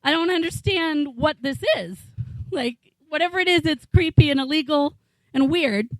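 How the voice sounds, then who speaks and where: In a small bar, a stand-up comic in her forties from New England, USA, rambles incredulously and swears freely through her set. She has a high voice and a moderate pace, captured in poor audio without any echo.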